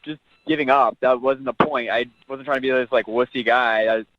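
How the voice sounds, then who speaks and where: A man's voice: medium pitch, fairly even intonation, brisk, no room sound, muffled recording. A man on the phone to a radio show, defending himself with a joking manner. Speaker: caller.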